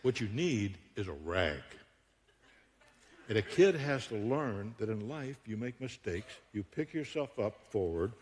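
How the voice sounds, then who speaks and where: Animated, joking male preacher in a hall. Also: on the low side, measured pace. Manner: humorous, animated, conversational. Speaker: guest preacher. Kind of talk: sermon. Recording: long hall reverb.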